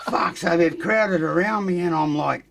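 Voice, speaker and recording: A man with an Australian accent telling his story as a podcast guest, blunt and profane, growing animated as he acts out fights. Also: sits high, normal speed, gravelly. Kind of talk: casual storytelling.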